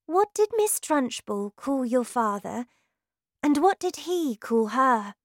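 Lady reading as a clever little girl, high and eager, slow careful lines. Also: very animated, dry recording, clean studio sound, full character voice. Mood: polite.

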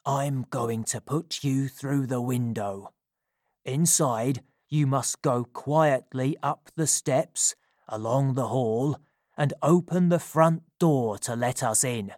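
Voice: medium pitch, takes it slowly, darkish tone, no echo, natural voice. Reader as a menacing robber man, clipped threats, dry close sound. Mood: low urgent. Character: menacing, rough adult male robber.

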